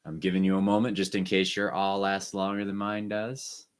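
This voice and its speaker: A man teaching an online music lesson, guiding students through breathing and warm-up exercises with short, encouraging instructions. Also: low-pitched, monotone, normal speed, clean tone.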